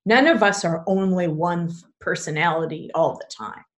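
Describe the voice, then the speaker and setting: A woman's voice: lowish voice, moderate pace. A woman who teaches belly dance, talking with a podcast host in casual, chatty conversation over a video call, with many fillers and frequent laughs.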